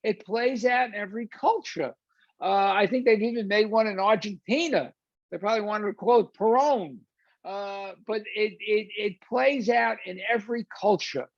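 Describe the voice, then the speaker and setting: A man's voice: sits high, moderate pace, creaky, no echo, dull audio. An older man giving a rambling, informal lecture on a film, full of "uh"s and restarts, and acting out scenes as he retells them.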